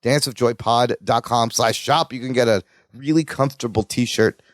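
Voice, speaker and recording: A man's voice: mid-range voice, normal speed, dry recording, clean studio sound. A man co-hosting a podcast, casually recapping a sitcom episode and acting out the characters' lines. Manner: animated, acts out characters' lines in quotes. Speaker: podcast co-host.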